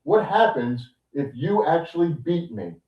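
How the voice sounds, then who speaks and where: A man putting on a cocky wrestling champion who mocks his rival, his voice pushed higher than normal and delivered in a taunting sneer. It sounds roomy, dull and a little distant from the mic. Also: big pitch swings, unhurried.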